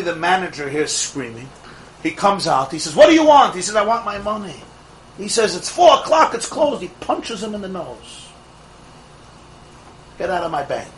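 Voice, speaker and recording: A man teaching a Torah class to a live group of students, an animated storyteller who fires off rhetorical questions and laughs at his own jokes. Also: high voice, a little hiss or hum, poor audio. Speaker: religious teacher.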